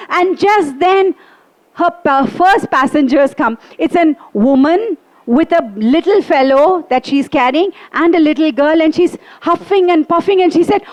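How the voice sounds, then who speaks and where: Lady storyteller, high voice, goes vroom and asks the kids questions. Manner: playful, makes sound effects and asks the listeners questions. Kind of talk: interactive storytelling for children.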